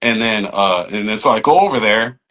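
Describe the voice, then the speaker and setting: A middle-aged man from San Jose, guest on a podcast, telling his life story in a casual, profane, animated way and acting out what people said. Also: lowish voice, a little fast. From San Jose, California. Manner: animated, profane, acts out quoted speech, many fillers like "you know what I mean".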